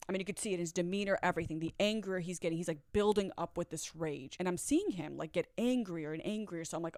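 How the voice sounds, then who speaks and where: A woman's voice: on the low side, fairly quick, darkish tone, no room sound, clean studio sound. Earnest woman telling her story. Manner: earnest, emotional retelling with quoted dialogue. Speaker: storyteller sharing a personal story. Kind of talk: personal storytelling vlog.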